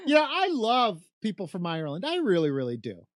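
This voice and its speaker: A middle-aged man from Chicago delivers a heated political monologue. He repeats himself and fires off rhetorical questions. His pitch swings widely, and the sound is dry and close. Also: huge pitch swings, brisk, no echo. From South Side of Chicago. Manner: emphatic, repetitive, rhetorical questions. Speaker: political commentator.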